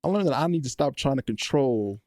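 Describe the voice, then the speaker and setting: A young man in his twenties, a college football player, telling his faith story earnestly on a podcast, animated when he retells moments. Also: mid-range voice, a little fast, no echo, clean studio sound. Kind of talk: casual faith testimony. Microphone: podcast microphone.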